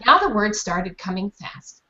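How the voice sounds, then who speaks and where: Expressive woman reading a storybook. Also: medium pitch, unhurried, highs cut off. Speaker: narrator.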